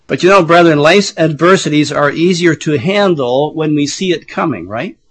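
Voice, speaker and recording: A middle-aged man preaching a sermon while losing his voice, often clearing his throat, with chatty asides to the congregation. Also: a little high, unhurried, low-quality recording. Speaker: pastor.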